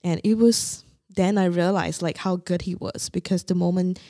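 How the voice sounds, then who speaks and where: A young woman from Singapore calmly and candidly telling a painful personal story as a podcast guest. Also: lowish voice, moderate pace, no room sound, clean studio sound. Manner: candid, quietly recounting painful memories.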